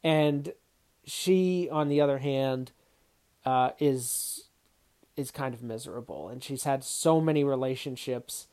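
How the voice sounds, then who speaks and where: A film reviewer walks through a movie's story in a relaxed, reflective way. The talk is unscripted, with small restarts as thoughts form. The voice sits at a middle pitch. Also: unhurried. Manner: reflective, thinking aloud with restarts. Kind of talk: casual spoken film commentary.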